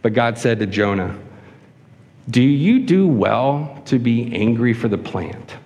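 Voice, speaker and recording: A man preaching a sermon to a congregation, acting out whiny voices with a raised pitch. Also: lively intonation, slow pace, darkish tone, lo-fi sound. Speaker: pastor. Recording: long hall reverb.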